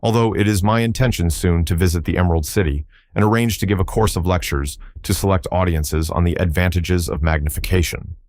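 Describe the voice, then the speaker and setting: Brief: a fussy, self-important insect scholar, formal and wordy, voiced by a man with a deep voice. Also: fairly quick, hardly any pauses, darkish tone, dry recording, clean studio sound, lightly acted. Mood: pompous. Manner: verbose, self-admiring, formal. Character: pompous learned giant male insect, fussy.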